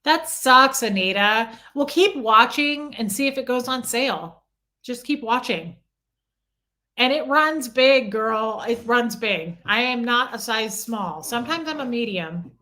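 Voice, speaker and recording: A woman's voice: fairly high pitch, animated, measured pace, sharp tone. A middle-aged woman hosting a casual livestream, chatting and answering viewer comments by name. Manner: coos baby talk at her small dog.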